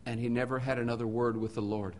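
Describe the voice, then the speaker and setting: A man preaching a sermon at a middle pitch, earnest and steady. He stacks repeated phrases to build emphasis. He drops to quiet, low passages, then rises to forceful ones. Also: fast talker, a little hiss or hum. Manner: earnest, rhetorical repetition, swings between soft and emphatic.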